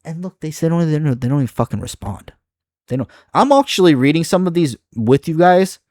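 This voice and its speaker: A man's voice: on the high side, very animated, fairly quick, a little mellow, no room sound, clean studio sound. Exasperated, profane man ranting. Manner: exasperated, profane, rambling with restarts. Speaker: video creator. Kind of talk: reacting to comments on video.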